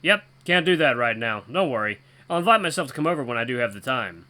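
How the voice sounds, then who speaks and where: A man's voice: mid-range voice, lively intonation, quick pace, pushed and bright. A man voicing a responsible, stern teenage schoolboy who talks in a firm, protective way. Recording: faint guitar music behind.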